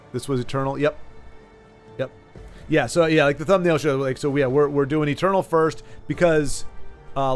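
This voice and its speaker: Rambling male game streamer. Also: mid-range voice. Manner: rambling, with many restarts and repeats. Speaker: streamer host. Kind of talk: casual game-stream chat.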